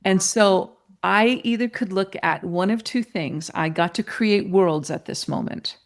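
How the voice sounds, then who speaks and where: A middle-aged woman telling a personal story as a podcast guest, lively, and acting out the voices of other people. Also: mid-range voice, a little slow. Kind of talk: storytelling in an interview.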